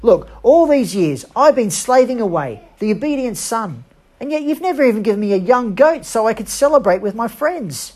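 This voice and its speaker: A woman acting out a resentful older brother who complains loudly about unfairness. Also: on the low side, expressive, measured pace. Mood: indignant. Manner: loud, aggrieved complaining. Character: resentful older brother, indignant young man.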